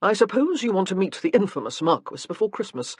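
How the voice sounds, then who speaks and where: A woman's voice: medium pitch, very animated, brisk, darkish tone, husky, dry recording, clean studio sound, voice pushed up. A woman voicing a protective young nobleman with a rueful, dryly humorous manner in an audiobook. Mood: wry. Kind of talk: audiobook character reading.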